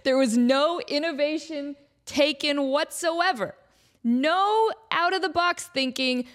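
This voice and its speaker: A young woman with a fairly high voice hosts a comedic podcast monologue. She goes off on one tangent after another and breaks into laughter often, with a loose, joking delivery. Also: slow pace, a bit bright. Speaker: podcast host.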